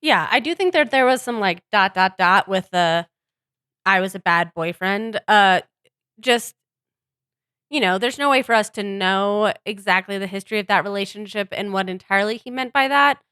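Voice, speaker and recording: A woman with a bright, forceful tone co-hosts a casual chat podcast, recapping events with easy fillers. The sound is dry and close to the mic. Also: medium pitch, moderate pace, smooth, no echo. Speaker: podcast co-host.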